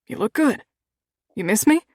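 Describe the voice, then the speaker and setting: A woman's voice: on the high side, animated, normal speed, darkish tone, no echo, clean studio sound. A woman narrating an audiobook, voicing a cocky male biker who teases and swears casually. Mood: teasing.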